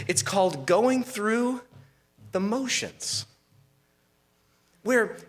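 A man's voice: sits high, a bit bright, husky. A man preaching a sermon as pastor, asking rhetorical questions and restarting phrases as he goes.

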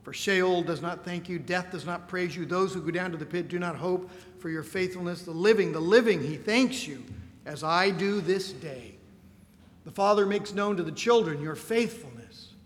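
A man preaching a sermon, reading scripture aloud and slowing to stress key words. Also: high-pitched, in a large hall.

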